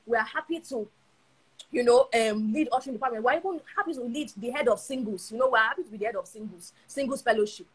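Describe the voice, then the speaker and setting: Husky-voiced woman preaching. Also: fairly high pitch, low-quality recording. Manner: animated, acting out voices, repeating phrases for emphasis. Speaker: Bible teacher. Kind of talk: preaching on a live stream. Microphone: phone on a live stream.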